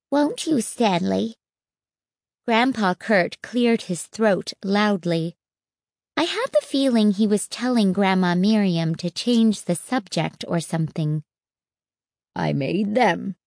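A woman narrating a storybook in a steady first-person telling. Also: medium pitch, dry recording, studio quality. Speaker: audiobook narrator.

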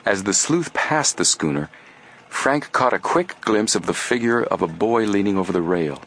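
A man narrating an adventure audiobook in a steady, measured storytelling voice. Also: lowish voice, slightly rough. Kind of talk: scripted narration.

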